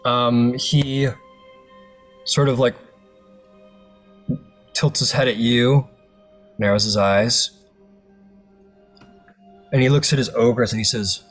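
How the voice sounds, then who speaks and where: A man's voice: medium pitch, fairly even intonation, slow pace, pauses often, a bit bright, faint music behind. A man narrating as game master for a tabletop game, loose and rambling with many fillers.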